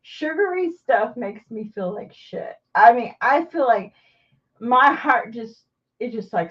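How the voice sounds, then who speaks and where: A woman vlogging candidly to the camera, halting and rambling with lots of restarts. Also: a little high, expressive, a bit bright, far from the mic, lo-fi sound. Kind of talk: candid personal vlog chat.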